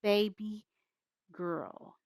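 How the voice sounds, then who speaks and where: A woman voicing a calm male hospital doctor in a life-sim game, slow and reassuring. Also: mid-range voice, gravelly, dry recording, studio quality.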